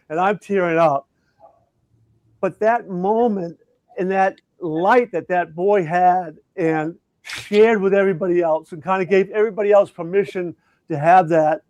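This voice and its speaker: A middle-aged man, an education coach, telling a personal story in an interview, earnest and reflective with halting restarts. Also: sits high, darkish tone, dry recording. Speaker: education coach and conference speaker.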